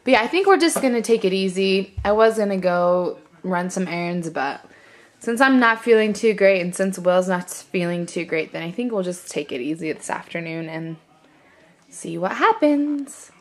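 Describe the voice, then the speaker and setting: A young adult woman chatting casually for a home vlog, often soft and hushed, tired and a bit unwell. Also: mid-range voice, lively intonation, normal speed. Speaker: mom vlogger. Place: family home, basement playroom.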